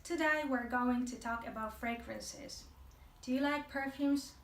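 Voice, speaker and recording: Woman English teacher, playful chatty delivery, fairly high voice, echoey room, voice off the mic. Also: measured pace, a bit bright, distant mic. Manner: chatty, playful, addresses viewers directly. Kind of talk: video lesson.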